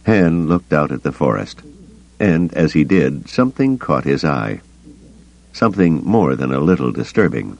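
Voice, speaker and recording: A man reading a novel aloud as an audiobook, expressive and voicing the characters, on a dull, lo-fi cassette recording. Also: a bass voice, moderate pace, vocal fry. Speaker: audiobook reader. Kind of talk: scripted narration.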